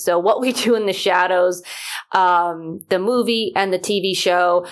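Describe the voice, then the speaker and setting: A woman host chatting on her podcast in a loose, rambling way, full of ums and likes. Her voice sits a little low for a woman. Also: a bit bright. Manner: chatty, rambling, many fillers. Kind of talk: casual solo chat.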